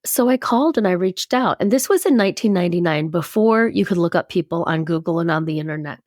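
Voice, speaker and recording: A woman in her fifties, a podcast guest, sharing a personal story in a lively, animated way. Her voice sits fairly low for a woman, and she acts out what other people said. The sound is dry and close, with no room echo. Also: fast talker. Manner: animated storyteller who acts out quoted speech.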